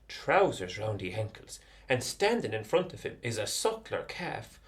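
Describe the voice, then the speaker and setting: Irish male storyteller, animated, rambling comic yarn, wide-ranging pitch. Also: moderate pace, few pauses. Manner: chatty, digressive, animated.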